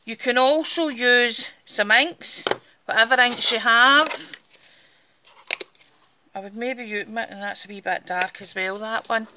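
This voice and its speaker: A woman's voice: a little high, takes it slowly, background noise. A woman with a Scottish Borders accent, chatting casually through a step-by-step craft demonstration while she works with her hands. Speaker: craft tutorial host.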